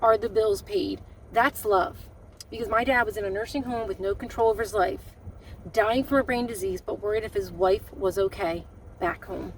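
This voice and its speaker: A middle-aged woman vlogging, recounting a painful family story with emotion, halting and often restarting her sentences. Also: mid-range voice, recorded from a distance, slight background noise, poor audio. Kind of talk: personal storytelling to camera.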